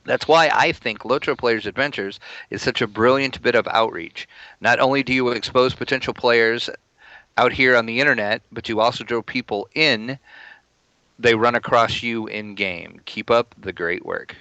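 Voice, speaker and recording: A man's voice: medium pitch, normal speed, sharp tone, no echo, muffled recording. A man reading a listener's comment aloud on a podcast, with a wry, amused delivery.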